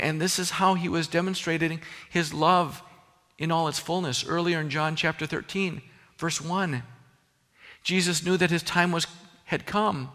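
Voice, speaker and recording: A man's voice: a little high, pushed and bright, in a large hall. A man preaching a sermon as pastor, earnest and emphatic, often restarting his phrases.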